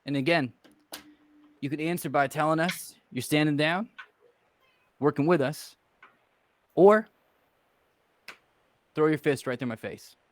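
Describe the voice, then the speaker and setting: Man doing an undead male hero with a put-on accent: measured, persuasive, quietly menacing, dry close sound. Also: medium pitch, expressive, no echo, lightly acted. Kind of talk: in-character role-play.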